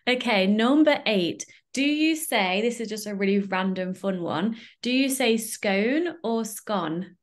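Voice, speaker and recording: A woman's voice: a little high, normal speed, few pauses. A woman hosting a podcast and coaching, chatting casually with her guest and laughing often. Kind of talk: casual interview chat.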